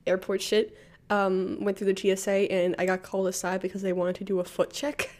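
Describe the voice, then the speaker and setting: A woman's voice: medium pitch, monotone, a little fast, darkish tone. A young woman co-hosting a podcast, telling a story in casual chat, brash and swearing freely. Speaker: podcast co-host.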